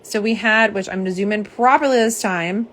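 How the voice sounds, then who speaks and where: A young woman hosting a casual live stream, slightly hoarse, chatty and self-deprecating as she talks to viewers. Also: medium pitch, fairly quick. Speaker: live stream host showing nail polish swatches.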